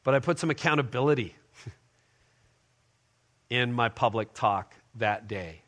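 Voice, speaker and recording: A man's voice: mid-range voice, takes it slowly, fairly bright tone. A middle-aged male pastor giving a talk to a congregation, telling a personal story and acting out the dialogue in it. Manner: storytelling, acts out quoted dialogue. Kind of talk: sermon-style leadership talk.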